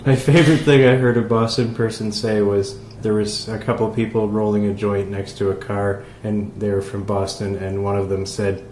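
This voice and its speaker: A man's voice: lowish voice, flat delivery, moderate pace, hardly any pauses, darkish tone, slight background noise. A man co-hosting a food review podcast in casual chat, teasing and joking with his co-host. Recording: roomy room with faint ambience.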